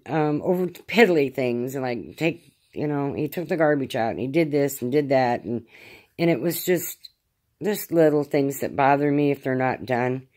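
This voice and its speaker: A middle-aged woman at home, in pain after arm surgery, rambling through a casual spoken diary with many halting fillers. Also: extremely low pitch, darkish tone. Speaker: vlogger.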